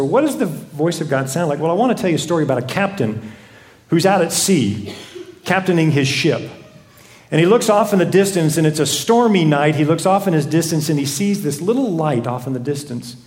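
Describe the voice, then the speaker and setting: This pastor's sermon moves quickly, his fairly high, darkish voice carrying lively intonation as he tells stories and keeps returning to rhetorical questions. The room sounds echoey.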